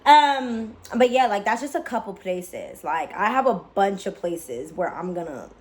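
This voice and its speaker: A young woman vlogging in a casual, candid way, swearing freely, full of "like" fillers and excitable chatter. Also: mid-range voice, unhurried, few pauses. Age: young adult. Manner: candid, profane, lots of "like" fillers. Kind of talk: casual vlog chat.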